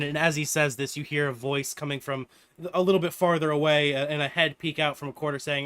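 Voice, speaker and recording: A man narrating as game master of a tabletop game, relaxed and often laughing. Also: on the high side, a little fast, clear, resonant tone, no room sound.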